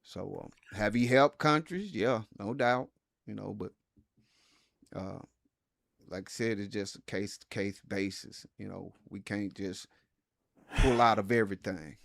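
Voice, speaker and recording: Low gravelly halting man. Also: fairly bright tone, no room sound, clean studio sound. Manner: halting, many fillers and restarts, measured. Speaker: co-host. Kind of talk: casual political talk show.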